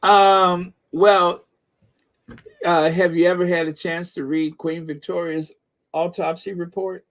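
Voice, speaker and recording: A middle-aged Midwestern man hosts a casual livestream, reading viewer comments aloud with lots of fillers and frequent laughter. His high, steady, fairly bright voice goes slowly, with many pauses.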